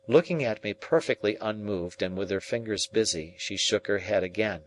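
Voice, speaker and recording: A man reading a classic novel aloud as audiobook narrator, in a measured storytelling way. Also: on the low side, slight background noise.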